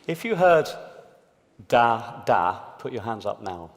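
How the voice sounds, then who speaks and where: A man giving a lively, explanatory talk to an audience in a large hall through an amplified stage mic. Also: medium pitch, fairly quick. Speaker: panel speaker. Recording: reverberant lecture hall.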